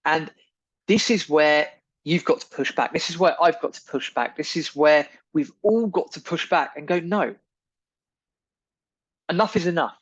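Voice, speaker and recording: A man's voice: a little high, normal speed, no room sound, dull audio. A man hosting a podcast, delivering an indignant, emphatic opinion monologue full of repeated phrases. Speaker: podcast host.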